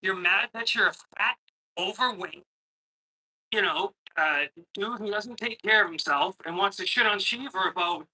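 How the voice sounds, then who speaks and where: Middle-aged man, caller on a computer mic, rambling and hesitant, swears a lot, very bright and sharp tone. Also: high-pitched, moderate pace, husky, poor audio. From Boston, Massachusetts. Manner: rambling, hesitant, profane ranting. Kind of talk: casual call-in chat. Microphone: computer microphone.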